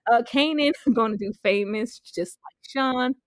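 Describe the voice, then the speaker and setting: A woman's voice: on the high side, a little slow, dry recording. A young adult woman reviewing a TV episode in casual chat, laughing often and acting out the characters' lines. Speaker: TV show reviewer.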